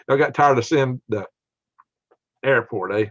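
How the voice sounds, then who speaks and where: A man's voice: medium pitch, normal speed, a bit bright, no room sound, highs cut off. An older man hosting a casual livestream, chatting in a rambling way with many fillers and restarts. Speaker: livestream host.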